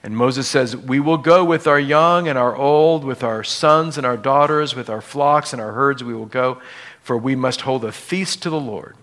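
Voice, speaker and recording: Pastor, male, mid pitch, animated casual sermon delivery. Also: moderate pace. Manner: animated, acts out biblical dialogue in casual voices.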